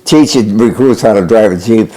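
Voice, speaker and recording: A man's voice: fairly low pitch, moderate pace, mellow. A 100-year-old man from Niagara Falls, a war veteran answering interview questions in short, terse replies. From Niagara Falls, New York. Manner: terse, mostly one-word replies.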